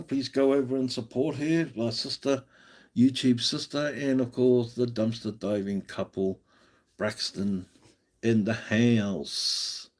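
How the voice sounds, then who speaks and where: A man's voice: medium pitch, a little mellow. An Australian man hosting a live stream, chatting casually and encouragingly, often restarting his sentences.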